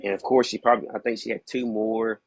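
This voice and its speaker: Man guest, low, gravelly; candid casual storytelling, dry recording. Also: flat delivery, fast, no echo. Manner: casual, fillers like "you know what I mean". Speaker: podcast guest.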